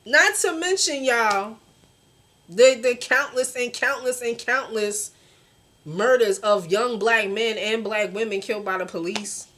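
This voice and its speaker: A woman's voice: a little high, steady tone, measured pace, fairly bright tone. A young woman, venting bluntly and passionately in a casual vlog, swearing often and talking straight to her viewers. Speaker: vlogger.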